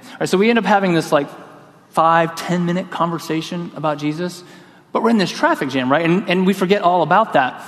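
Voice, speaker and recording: A man preaching a sermon in a church, telling a lively personal story and acting out the voices in it. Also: fairly high pitch, fast, in a large hall. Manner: storytelling, acts out quoted voices. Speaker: pastor.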